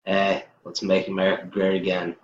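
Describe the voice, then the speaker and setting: A man's voice: low-pitched, monotone, moderate pace. A male host giving casual, emphatic political commentary, ranting with many ums and uhs, recorded in an echoey room with a lo-fi sound. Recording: echoey lo-fi room, faint noise.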